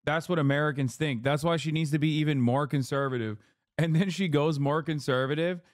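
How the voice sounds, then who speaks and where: A man ranting over news clips in a dry, close-sounding voice pitched a little high. He mocks what he hears with sarcasm, profanity and put-on voices, loose and conversational. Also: a little fast, no echo. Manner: sarcastic, mocking rant with put-on quoted voices. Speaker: streamer reacting to news clips. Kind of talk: casual profane commentary.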